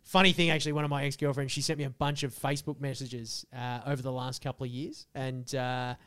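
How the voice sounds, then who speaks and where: A man, a podcast co-host telling crude stories in animated, swearing casual chat. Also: medium pitch, fast talker, clean tone.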